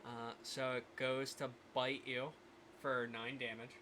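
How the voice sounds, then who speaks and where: Guy game-mastering, slow and halting, lots of pauses, noisy background. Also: medium pitch, little pitch movement, sharp tone. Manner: halting, thinking aloud, many pauses. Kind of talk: running a tabletop game on a live stream.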